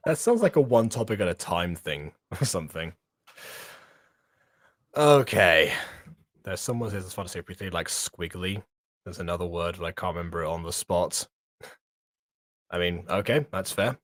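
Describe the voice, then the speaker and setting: A man's voice: low voice, lively intonation, normal speed, pauses often, dry recording, studio quality. A man co-hosting a reaction stream, chatting casually and rambling with frequent laughs. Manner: rambling, laughing between thoughts. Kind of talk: casual chat.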